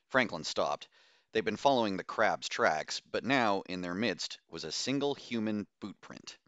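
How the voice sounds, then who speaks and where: Deep forceful male narrator, dry sound. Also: lively intonation, measured pace, no room sound, highs cut off. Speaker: audiobook narrator. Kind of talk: scripted audiobook narration.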